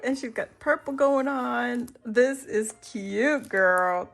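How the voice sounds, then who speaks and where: A woman's voice: fairly high pitch, takes it slowly, gravelly, a bit bright, soft background music. A woman showing off handmade crafts she got in the mail, gushing over every piece with lots of gasps and exclamations. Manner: gushing, exclaims and gasps often, laughs between lines. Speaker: crafting YouTuber. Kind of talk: unboxing a craft haul.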